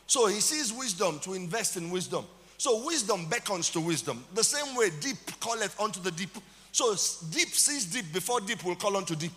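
A man's voice: high voice, expressive, fairly quick, a bit bright, big-room sound. A man with a Nigerian accent, a pastor preaching a sermon with dramatic emphasis and calls out to the congregation.

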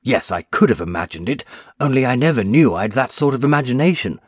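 A man's voice: mid-range voice, expressive, brisk, dry recording, clean studio sound, voice pushed up, lightly acted. A man reading aloud voices a frightened middle-aged businessman who talks in raised, breathless urgency. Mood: frightened, urgent.

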